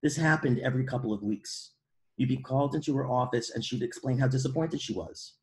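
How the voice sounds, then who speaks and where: A middle-aged man from Brooklyn, reading aloud from his own memoir in a measured, wry, precise way. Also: mid-range voice. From Brooklyn, New York.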